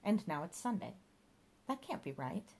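A woman voicing a puzzled young man who is confused and questioning, with lively pitch. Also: moderate pace, gravelly, heavily acted. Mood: bewildered. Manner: bewildered, questioning.

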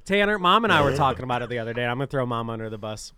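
A man's voice: medium pitch, expressive, rapid-fire, a crowd in the background. A young man co-hosting a casual podcast, teasing his friend. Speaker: podcast co-host. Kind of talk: casual chat.

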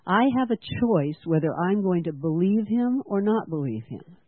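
A church-school teacher earnestly preaches a sermon at medium pitch, questioning the congregation and having them repeat lines. The recording is dry and tinny, like a phone, with no room sound.

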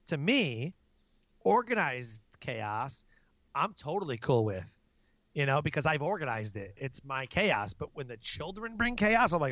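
A man's voice: fairly high pitch, a bit bright, dry recording, muffled recording. A man in his thirties, a military NCO, telling stories about family life in a casual interview, laughing and acting out his own outbursts. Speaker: guest; military non-commissioned officer.

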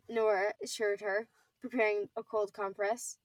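A teenage girl narrating a fan-written novel in a steady, lightly expressive way. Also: mid-range voice, normal speed, dry recording, distant mic. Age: teens. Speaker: co-author and narrator. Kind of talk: amateur audiobook narration.

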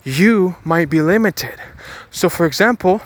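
A man's voice: high voice, animated, measured pace. Emphatic, repetitive motivational vlogger, a man. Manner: emphatic and repetitive, speaks straight to viewers; often restarts words and phrases. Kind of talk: motivational monologue. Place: outdoors, about to board a bus.

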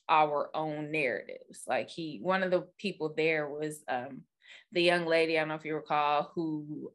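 With a low, slightly bright voice, this podcast co-host talks casually, wandering off on asides and using plenty of filler words.

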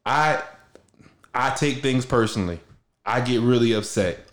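A man's voice: medium pitch, a little slow, fairly bright tone. Slangy young man in an echoey room. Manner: loose, slangy, rambling with frequent restarts. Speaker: podcast host. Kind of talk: casual heartfelt conversation.

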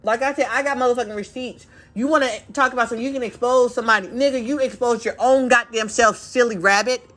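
A woman's voice: on the high side, fairly even intonation, fast talker, fairly bright tone, faint music behind. A woman hosting a podcast, delivering an angry, profane, confrontational monologue and mocking others in quoted voices. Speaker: podcast host.

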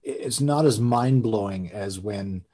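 A man's voice: on the low side, unhurried, warm tone. A man guesting on a podcast in casual chat, easygoing and agreeable.

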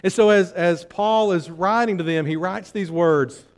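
A man's voice: high-pitched, unhurried, hardly any pauses. Man preaching with dramatic swings. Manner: dramatic, swings from hushed asides to loud emphatic repetition; rhetorical questions to the congregation. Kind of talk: sermon. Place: church.

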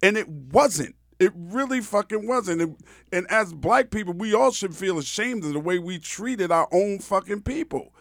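A man's voice: high voice, animated, moderate pace, gravelly, a bit bright, dry recording, clean studio sound. Emphatic, profane male podcast host. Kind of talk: casual interview chat.

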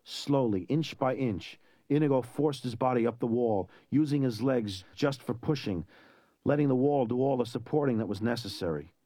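A man's voice: mid-range voice, no room sound. Man narrating a story, dry sound. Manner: even, measured storytelling. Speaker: reader. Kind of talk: audiobook narration.

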